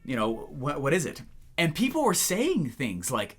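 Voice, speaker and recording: A man's voice: a little high, measured pace, husky. A young man coaching on business, telling stories and acting out the phone calls as he goes. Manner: animated storyteller who acts out phone calls. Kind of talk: energetic talking-head lesson.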